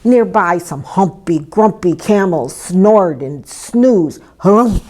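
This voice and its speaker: A woman reading a children's story aloud in an expressive way, inviting her listeners to join in. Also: on the low side, takes it slowly. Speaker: storybook reader.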